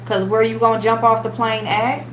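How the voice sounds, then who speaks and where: On a casual live stream, a woman host chats with viewers and greets them by name. Her voice is on the high side, level in tone, at a normal speed. The room is echoey, with background noise.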